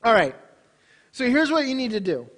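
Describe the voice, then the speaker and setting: A man preaching a sermon, swinging from loud, emphatic bursts to hushed, quiet passages. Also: normal speed. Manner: animated, swings between loud emphasis and hushed low delivery.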